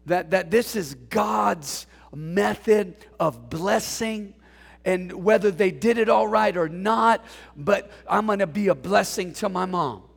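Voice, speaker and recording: High, gravelly-voiced preacher in a hall. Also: male voice, slow. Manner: animated, call-and-response preaching with jokes. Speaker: pastor. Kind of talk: sermon. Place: church sanctuary.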